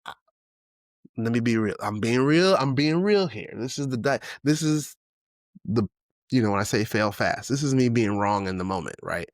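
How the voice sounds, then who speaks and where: A man's voice: mid-range voice, animated, normal speed, no room sound, studio quality. A man in his forties hosting a solo podcast, talking without notes in a candid, reflective way, full of restarts and "you know what I'm saying.". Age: 40s. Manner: candid and emotional, swears casually. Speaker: podcast host. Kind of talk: unscripted solo podcast monologue.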